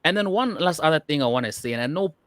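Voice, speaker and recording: A man's voice: fairly high pitch, expressive, fast, a bit bright, no echo. A man co-hosting a football podcast in casual chat, rambling with lots of "you know" and restarts. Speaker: podcast co-host.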